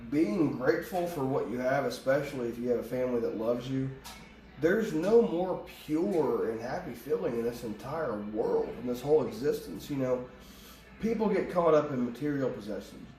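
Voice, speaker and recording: In a mid-range voice with a darkish tone, a man does an informal tarot reading, going off on tangents and swearing casually. The room is echoey, the mic sits far away, and faint ambience can be heard.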